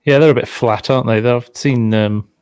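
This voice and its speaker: A man's voice: medium pitch, brisk, darkish tone, clean tone. Chatty man speculating about a game. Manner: speculative, hedging, trails off. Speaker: co-host, farming game streamer. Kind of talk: casual chat.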